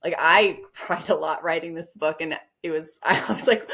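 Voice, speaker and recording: A woman's voice: low-pitched, normal speed, hardly any pauses, fairly bright tone. A woman guest author in casual interview chat, rambling a bit and laughing often.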